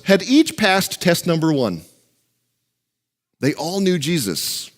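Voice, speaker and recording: Guy pastor giving a sermon, kinda high voice, jokey and chatty. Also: sing-song, slow pace, long pauses. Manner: joking, conversational preaching.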